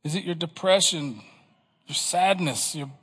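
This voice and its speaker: A man's voice: a little high, measured pace, fairly bright tone, breathy edge, big-room sound. A man preaching a sermon to his congregation, asking questions and pressing his points with emphasis. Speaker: pastor.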